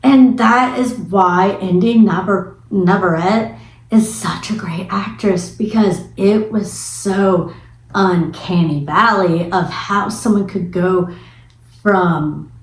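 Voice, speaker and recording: A woman talks through a film in a casual spoiler review, retelling the story in a chatty, animated way and swearing now and then. Her voice sits in a middle register. The room around her is echoey. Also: medium pitch, slow.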